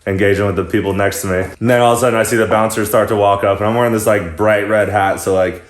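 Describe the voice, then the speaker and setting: A man's voice: on the low side, fairly even intonation, quick pace, reverberant. A man telling a story to friends in a casual vlog, chatty and laughing often as he talks. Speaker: vlogger.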